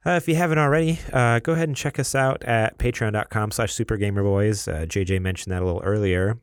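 A man in his thirties with a very low voice co-hosts a casual podcast, easygoing and teasing, often breaking into laughter. His voice is recorded dry and close to the mic. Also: quick pace, clear, resonant tone, no echo. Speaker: podcast co-host.

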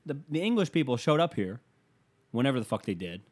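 A man ranting in a casual stand-up set, swearing freely and rambling off on tangents. His pitch swings up and down with plenty of life, and his middling voice keeps a loose, conversational feel. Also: fast talker. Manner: rambling, profane, lively. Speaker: comedian. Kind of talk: profane stand-up rant.

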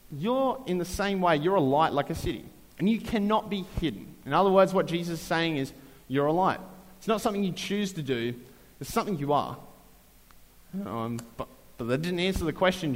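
A man preaching a casual, conversational sermon, full of fillers and joking asides. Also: fairly high pitch. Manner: chatty, many fillers, jokey asides. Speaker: pastor. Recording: long reverb of a large hall.

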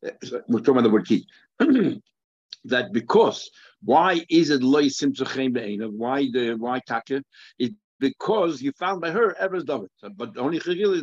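A man's voice: medium pitch, a little mellow, no echo. A man giving a daily Talmud class, thinking aloud, repeating phrases and weaving Hebrew and Aramaic terms into his English. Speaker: Talmud teacher. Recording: dry, dull lo-fi recording.

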